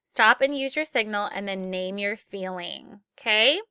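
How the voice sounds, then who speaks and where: A woman's voice: mid-range voice, unhurried, bright, forceful tone, smooth, dry recording, clean studio sound. A woman teacher leading a classroom lesson for children, upbeat and acting out example phrases.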